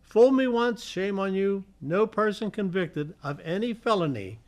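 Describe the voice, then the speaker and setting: A man's voice: high voice, expressive, a little slow, a little mellow. A man with a slightly raised voice hosts a community television fact show from a studio. He reads trivia off slides in a chatty way, now and then tripping over a word and fixing it. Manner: reads from slides, stumbles and corrects himself. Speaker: host. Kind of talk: reading fun facts on a community TV show.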